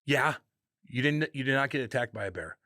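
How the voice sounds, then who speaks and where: A man's voice: medium pitch, lively intonation, fairly quick, pushed and bright, no echo, studio quality. A man co-hosting a podcast, joking bluntly and swearing freely in casual banter. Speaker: podcast co-host. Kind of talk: casual chat.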